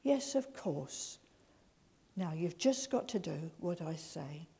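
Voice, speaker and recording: A woman voicing God in a joke, answering in a calm, kindly, matter-of-fact way. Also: sits low, takes it slowly, gravelly, heavily acted.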